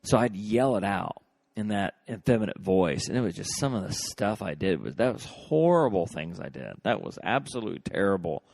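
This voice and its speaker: A man's voice: on the low side, sing-song, normal speed, creaky, a little mellow. A man hosting a podcast alone, casually reminiscing in a rambling, self-deprecating way with lots of fillers. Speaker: podcast host.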